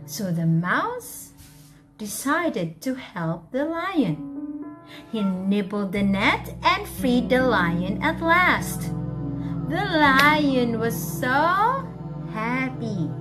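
A woman teacher reading a story aloud to children, asking them questions in a coaxing, animated way. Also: on the high side, extremely slow, music in the background.

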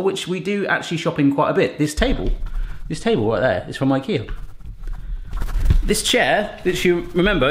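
Brief: male home-cook vlogger, thirties, fairly high, animated, joking and rambling. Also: a little hiss or hum. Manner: chatty and jokey, rambling asides. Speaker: cooking vlogger. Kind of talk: casual cooking vlog. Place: home kitchen.

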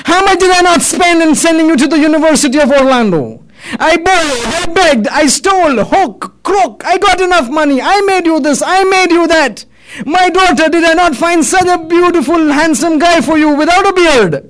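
A man's voice: very high voice, sing-song, moderate pace, hardly any pauses, a bit bright, full character voice, rough recording. A man voicing a desperate dying old man who pleads for help and protests indignantly. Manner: pleading, indignant, raising his voice.

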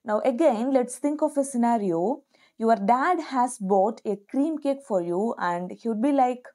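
A woman teaching an online lesson, upbeat, slowing down to model example phrases for learners to repeat. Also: on the high side, dark tone. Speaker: English teacher.

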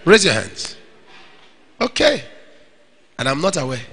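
Preacher, male, high and expressive voice, animated sermon to singles, long hall reverb. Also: measured pace, a little hiss or hum. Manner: animated preaching, acts out little scenes. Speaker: pastor. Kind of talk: sermon to young single men.

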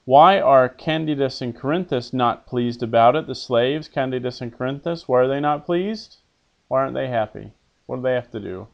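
In a muffled recording, a man of medium pitch with vocal fry teaches elementary Latin at a moderate pace. He has a pupil repeat phrases, translates them, and quizzes with patience, answering his own questions.

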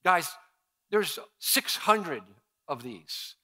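A male pastor preaching a sermon, telling personal stories and acting out his own past lines with animated shifts. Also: fairly high pitch, drawn-out words. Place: church sanctuary.

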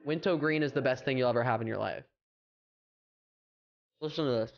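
A man's voice: mid-range voice, brisk, gravelly, dull audio. A young American man chatting casually and playfully on a livestream, rambling with filler words. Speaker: streamer.

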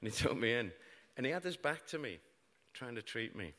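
Very animated and fairly quick, this mid-range voice has a bright, forceful tone. It belongs to a middle-aged man from Britain speaking British English, who, as a stage storyteller in a large hall, tells a live audience a true story of grim events with wry, self-mocking humour. The recording carries the long reverb of the live hall.

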